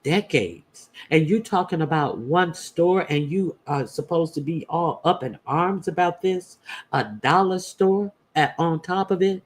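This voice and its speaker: A slightly high-voiced man giving casual opinion commentary to his viewers. He is blunt and swears freely, stopping and restarting with lots of "uh" fillers between his points. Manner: blunt and profane, halting with many "uh" fillers. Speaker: YouTube commentator host.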